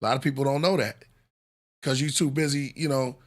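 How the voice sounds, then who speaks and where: A man's voice: mid-range voice, fairly even intonation, fairly quick. A man hosting a live podcast with a New York accent, talking in a loose, reflective way with many fillers. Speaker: podcast host. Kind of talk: casual live podcast talk.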